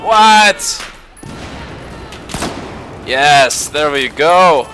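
A man's voice: on the high side, drawn-out words, slight background noise. A man giving gameplay commentary, muttering to himself and then swearing and yelping at sudden moments. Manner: excitable, swears and yelps at surprises; mutters quietly to himself between outbursts. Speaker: gamer. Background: faint gunfire from the game.

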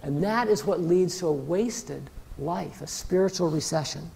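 High-voiced man preaching a casual sermon. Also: a little slow, gravelly, mellow. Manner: conversational preaching with many fillers, voicing imagined believers. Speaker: pastor. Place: church sanctuary.

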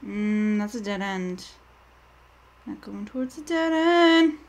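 A woman's voice: medium pitch, animated, slow pace. A woman streaming a game, talking to her chat in a rambling, jittery way that keeps tipping into panic. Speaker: gaming streamer. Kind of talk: live gameplay commentary.

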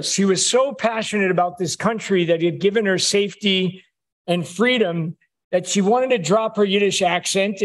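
High-voiced rabbi giving a wry sermon. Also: male voice. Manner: conversational, wry storytelling. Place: synagogue sanctuary.

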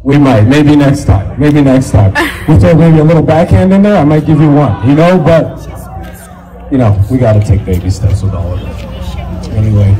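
On a comedy stage before a live audience, a young man performs stand-up, animatedly working the crowd and acting out voices. His voice is medium-pitched at a normal pace, and the poor-quality audio is full of audience laughter.

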